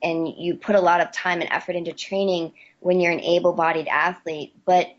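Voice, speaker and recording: A low-pitched woman from West Virginia speaks in a relaxed interview, stumbling and repeating words as she collects her thoughts. The audio sounds dull and lo-fi. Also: fairly quick. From West Virginia, USA. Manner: hesitant, repeats words while thinking, laughs easily. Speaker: interview guest, athlete. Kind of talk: casual interview answers.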